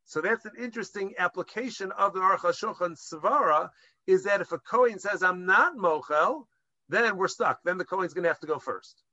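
A man's voice: sits high, fairly quick, sharp tone, dry recording, lo-fi sound. A man giving a Jewish law lesson to a class, explaining step by step and mixing Hebrew terms into English, with some hesitant restarts. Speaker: rabbinic lecturer.

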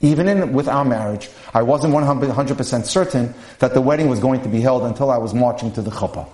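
A man's voice: medium pitch, darkish tone. Man reading case studies, echoey room. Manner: measured reading with asides to listeners. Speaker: podcast speaker on dating and marriage.

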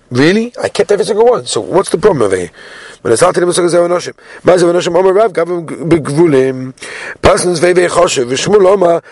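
A man giving a daily Talmud class, animated, mixing Hebrew phrases into English and asking rhetorical questions. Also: fairly high pitch, no room sound. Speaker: Talmud teacher.

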